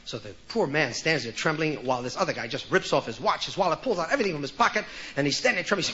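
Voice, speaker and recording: A man telling jokes in an animated storytelling way, acting out the characters, on an old lo-fi comedy record. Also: a little high, fast, few pauses. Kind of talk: joke telling.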